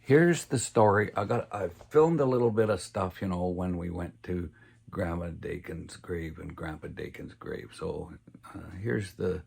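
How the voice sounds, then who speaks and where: Older man, gravelly and deep. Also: unhurried, darkish tone. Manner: rambling and folksy, full of "uh" and "you know". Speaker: family storyteller. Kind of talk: casual personal storytelling.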